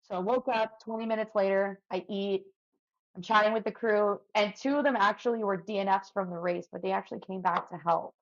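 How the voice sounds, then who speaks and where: A woman's voice: mid-range voice, fairly even intonation, a little fast, highs cut off. A woman from Canada, a podcast guest, tells a long story in a chatty way and fills her sentences with "like". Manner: chatty, lots of "like" fillers, vivid retelling. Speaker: podcast guest, firefighter and ultra runner. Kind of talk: animated storytelling in conversation.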